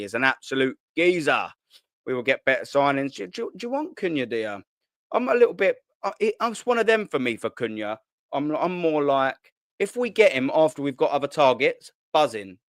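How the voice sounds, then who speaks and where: Young man, live-stream host, slangy and swearing, mid pitch, dry close sound. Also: dry recording. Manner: excitable, slangy, swears and repeats himself. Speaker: football channel host. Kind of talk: casual live-stream chat. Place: at home, sitting at a kitchen island.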